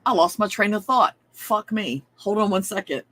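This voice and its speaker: A woman with a drawl tells a personal story in casual, chatty talk. She wanders off on tangents and swears without a second thought. Her voice is bright and carries some push. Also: medium pitch, lively intonation, normal speed. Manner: chatty, profane, rambling with frequent asides.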